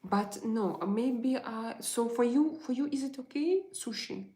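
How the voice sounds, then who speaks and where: A woman, chatting frankly on a live stream and answering viewer comments, halting often to restart her sentences. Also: a little high, warm tone. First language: Russian.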